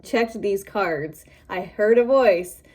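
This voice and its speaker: A woman's voice: medium pitch, slow, a little mellow. A woman doing a tarot reading for her viewers, chatty and musing, often breaking into giggles. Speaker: tarot reader.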